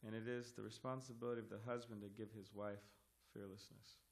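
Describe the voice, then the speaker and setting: Guy reading scripture to a temple class, kinda low voice, slow and careful. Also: level tone. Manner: measured, word-by-word recitation. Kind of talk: reading verses and commentary aloud. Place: temple hall.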